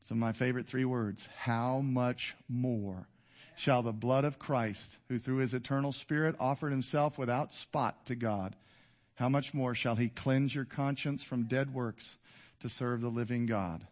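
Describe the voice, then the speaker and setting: A man in his fifties preaching a sermon to a congregation, swinging between loud exhortation and quiet intensity. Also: medium pitch, fairly even intonation, moderate pace. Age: 50s. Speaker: pastor. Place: church before a congregation.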